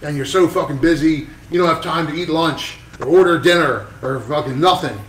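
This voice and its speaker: A man's voice: a little high, a little fast, fairly bright tone, echoey room, far from the mic, a little hiss or hum, low-quality recording. A man voicing a blunt veteran male tattooer who swears freely and lectures a younger artist. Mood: lecturing. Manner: profane, bossy and lecturing.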